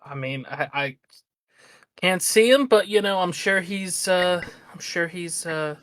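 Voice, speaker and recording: A man's voice: sits high, measured pace, a bit bright. A man, a musician guest on a podcast, chatting in a laid-back, teasing way. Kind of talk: casual interview chat.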